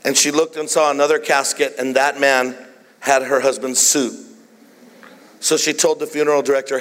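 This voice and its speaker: A man's voice: medium pitch, flat delivery, normal speed, a bit bright. A man preaching a sermon, telling jokes and stories in a playful, teasing way as the pastor. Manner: playful, jokey storytelling preacher. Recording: long reverb of a large hall.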